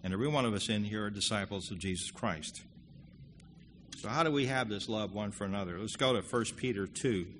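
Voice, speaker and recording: A man with a bright, forceful voice preaching in a church hall. He moves between plain conversational talk and louder, emphatic reading of scripture. The sound carries a long reverb with a faint hum of the room behind it. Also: fairly low pitch, brisk. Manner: earnest preaching, rising loud when quoting scripture. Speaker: pastor. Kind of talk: sermon.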